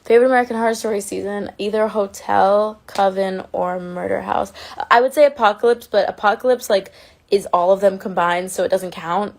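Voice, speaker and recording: A woman's voice: mid-range voice, fairly even intonation, a little fast, gravelly. A woman chatting casually on a phone livestream, reading and answering fan comments in an affectionate way and swearing now and then.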